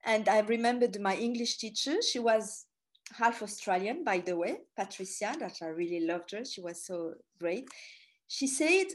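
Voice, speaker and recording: A woman's voice: medium pitch, animated, normal speed. Chatty French woman telling stories. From France. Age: middle-aged. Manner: chatty, storytelling with asides and fillers. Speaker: speaker and tour guide. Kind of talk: anecdotal public talk.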